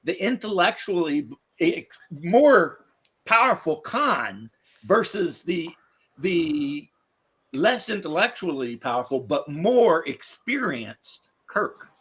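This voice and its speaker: Bright, fairly high male co-host, blunt and opinionated. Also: big pitch swings, takes it slowly, slightly rough. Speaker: podcast co-host. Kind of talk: casual chat.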